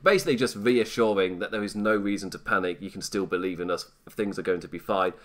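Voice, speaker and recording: A man's voice: low-pitched, fast, a bit bright. A British man hosting a live stream, commenting casually in a rambling, self-mocking way and laughing often.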